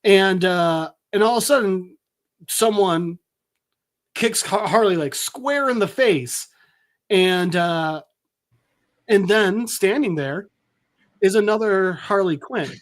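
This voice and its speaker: A man's voice: sits high, animated, slow, long pauses. A man hosting a podcast, recapping a comic in a casual, rambling way with lots of fillers. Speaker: podcast host.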